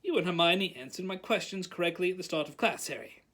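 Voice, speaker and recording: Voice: medium pitch, expressive, quick pace, a bit bright. A reader voicing Professor Lupin, cheerful teacher. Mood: encouraging. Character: kind, encouraging middle-aged male wizard teacher.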